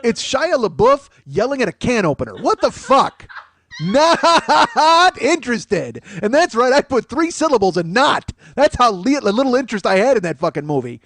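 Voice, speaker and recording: A man's voice: extremely high pitch, very animated, fairly quick, hardly any pauses, fairly bright tone, dry recording. Profane ranting man, dry close sound. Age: 40s. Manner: profane, rambling and sarcastic. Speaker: podcast host. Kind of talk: comedic podcast rant.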